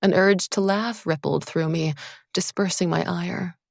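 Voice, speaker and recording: A woman narrates a first-person fantasy audiobook with measured, expressive storytelling. Her voice sits low and has a gravelly texture. The recording is dry and close to the mic. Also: dry recording.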